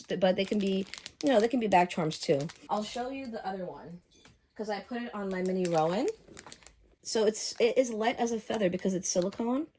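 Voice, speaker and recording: A woman vlogger chatting casually through an unboxing, gushing and excitable. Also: medium pitch, slight background noise.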